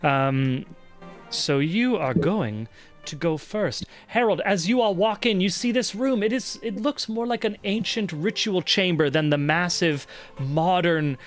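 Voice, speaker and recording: A man narrates a tabletop role-playing session as game master, describing the scene at length. He speaks slowly in a fairly high voice, with frequent ums and uhs. Soft music plays in the background.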